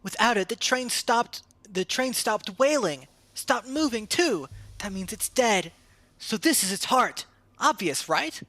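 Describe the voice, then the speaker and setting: A man voicing a brash young village boy in a game, speaking with shrill, indignant, childish certainty. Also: lively intonation, a little slow, bright, forceful tone, no room sound, heavily acted. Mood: insistent.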